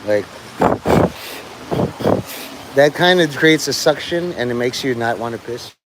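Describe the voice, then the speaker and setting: A man's voice: medium pitch, lively intonation, measured pace, heavy background noise. A man rambling through a profane live stream monologue outdoors, with faint rain behind him. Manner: profane, meandering, full of fillers. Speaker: livestreamer.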